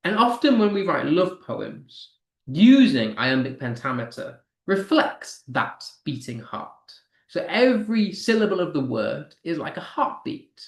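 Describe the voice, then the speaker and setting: Lively-voiced male teacher, echoey room. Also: on the high side, gravelly. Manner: slow, stressed reading when tapping out poetic rhythm; talks to students reading comments aloud. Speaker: English teacher. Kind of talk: online class lesson.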